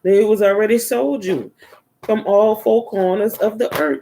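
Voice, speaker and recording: A woman's voice: mid-range voice, steady tone, a little slow, mellow, slight background noise. A woman giving a casual spiritual energy reading, talking in a loose, rambling way that drifts into murmurs. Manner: loose, rambling and repetitive, drifting into murmurs while searching a book. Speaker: spiritual reader.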